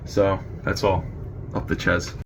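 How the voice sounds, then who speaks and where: A man from New Jersey with an American accent, giving a brisk, opinionated fan review recorded on video. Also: deep voice, completely flat delivery, slight background noise. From New Jersey, USA. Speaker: fan contributor.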